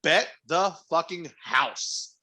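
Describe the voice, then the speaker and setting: Speaking slowly, a young man with a fairly high, expressive voice sounds bright and forceful as he co-hosts a podcast. His casual storytelling is full of profanity and laughs.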